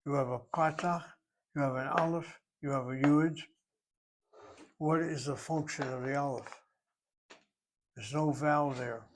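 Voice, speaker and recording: A man's voice: a little high, fairly even intonation, a little hiss or hum. Man explaining Hebrew grammar step by step. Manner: thinks aloud, deliberate, explains step by step. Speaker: Hebrew teacher. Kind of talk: classroom grammar lecture.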